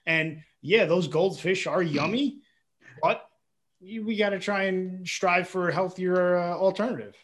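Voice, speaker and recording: High-voiced earnest male podcast host. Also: fairly even intonation, a little slow. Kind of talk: casual podcast chat.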